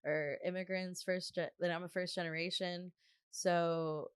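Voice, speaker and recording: A young woman from New Jersey hosting a casual podcast chat, laughing often and trading quick banter. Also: fairly low pitch, level tone, clear, resonant tone, dry recording, clean studio sound. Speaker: podcast host.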